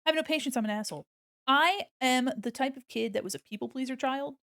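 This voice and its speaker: A woman's voice: high voice, fast, fairly bright tone, dry recording, studio quality. A young woman streaming while she draws, chatting casually, rambling, laughing often and swearing freely. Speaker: art streamer. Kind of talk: casual live-stream chat while drawing.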